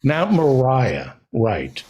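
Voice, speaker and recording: Male comedy show host, middle pitch, chatty, repeats himself for emphasis. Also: wildly swooping pitch, drawn-out words, a little mellow, breathy edge. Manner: chatty, repeats and spells out plugs. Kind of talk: casual comedic talk show banter.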